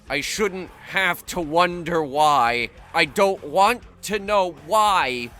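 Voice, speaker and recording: A man's voice: high-pitched, pushed and bright. A man hosting a comedic movie review, ranting sarcastically and swearing freely.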